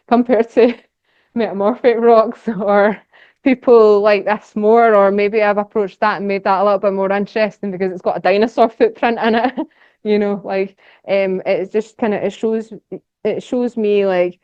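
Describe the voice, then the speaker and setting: Her voice is medium in pitch, steady, smooth, and a little mellow, moving at normal speed. This young Scottish guest speaker chats enthusiastically through a casual talk for a society audience, rambling with many fillers and laughs, on a dry recording that sounds slightly dull.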